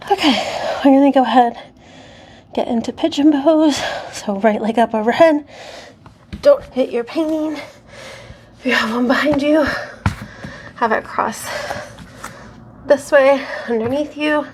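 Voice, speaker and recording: A woman with a somewhat high voice leads a casual yoga class at home, slowly calling out poses. She is out of breath and sighs between her cues, chatting in a self-deprecating way. A faint hum sits behind her. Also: darkish tone. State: out of breath and sweaty. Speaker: yoga instructor.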